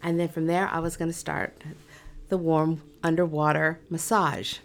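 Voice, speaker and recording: Lively self-mocking woman telling a story. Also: low voice, moderate pace, slight background noise. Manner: animated and self-mocking, with nervous laughs. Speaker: massage therapist. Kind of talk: casual first-person storytelling.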